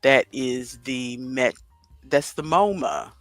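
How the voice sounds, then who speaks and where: A man's voice: mid-range voice, slow, dry recording, soft background music. A man in his fifties hosting a casual livestream, chatting to viewers and thinking aloud as he works through a crossword. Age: 50s. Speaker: livestream host. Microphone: headset with headphones.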